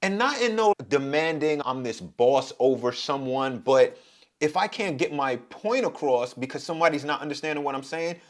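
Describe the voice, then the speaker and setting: A middle-aged man from Brooklyn with a New York accent, talking in a reflective, passionate monologue and getting louder as he drives his point home. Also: lively intonation, normal speed. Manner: passionate, rises in pitch and loudness when making a point. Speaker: podcast host.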